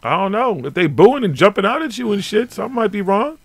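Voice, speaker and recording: Gravelly man in slangy casual chat. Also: sits high, big pitch swings, fast, no echo. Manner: loose and slangy, with frequent fillers and cursing. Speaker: co-host.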